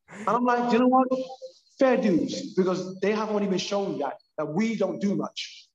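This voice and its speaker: A man with a London accent, a purpose coach talking as a podcast guest in an animated, emphatic way. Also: high-pitched, normal speed, a little hiss or hum. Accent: London English. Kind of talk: casual podcast conversation. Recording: echoey, dull lo-fi sound.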